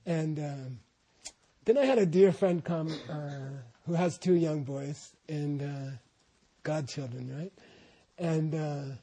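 A man's voice: a little high, slow, mellow, slightly rough. A man, a translator, telling meandering stories to a group in a casual way, with many asides. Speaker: translator telling stories about his teacher. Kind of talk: casual anecdotal talk to a group.

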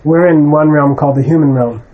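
A man's voice: on the high side, a little fast, phone-quality sound. A man teaching a class of students, speaking conversationally, bluntly dismissing wrong views and often checking in with "okay?". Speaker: Buddhist teacher. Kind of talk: lecture to students.

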